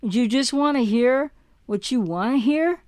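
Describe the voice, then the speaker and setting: Speaking at a normal speed, this woman, a relationship recovery coach, delivers a passionate direct-to-camera talk filled with rhetorical questions and repeated words. Her voice is expressive and on the high side, with a darkish tone and no echo.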